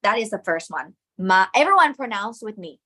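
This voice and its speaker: A woman's voice: medium pitch, very animated, brisk, pushed and bright, husky. A woman with a Thai accent teaching Thai tones in a live online lesson, often checking in with "okay?" and singing syllables to demonstrate.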